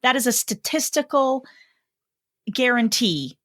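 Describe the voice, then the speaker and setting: A woman's voice: a little high, expressive, unhurried, a bit bright, no room sound, studio quality. A woman co-hosting a podcast in casual chat, teasing, emphatic and laughing often. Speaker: podcast co-host.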